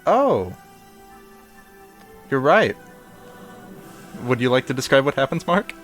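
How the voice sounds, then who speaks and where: A man's voice: mid-range voice, very animated, takes it slowly, a bit bright, faint music behind. A man running a tabletop game as game master, narrating in a rambling way with many fillers. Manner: rambling, full of fillers and restarts.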